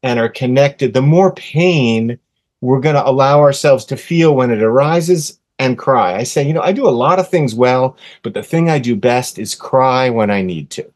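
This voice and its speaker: A man in his sixties, a podcast guest, telling a personal story earnestly and with animation, softening to a hush when quoting gentle words. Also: mid-range voice, lively intonation, moderate pace. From USA. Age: 60s. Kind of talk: casual storytelling in an interview.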